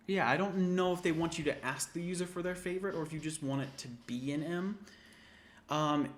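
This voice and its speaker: Man, programming tutor, casual coding walkthrough, gravelly voice, loud typing noise. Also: mid-range voice. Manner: casual, thinks aloud, corrects himself as he types. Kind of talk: screen-recorded coding walkthrough. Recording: typing and keyboard clicks behind.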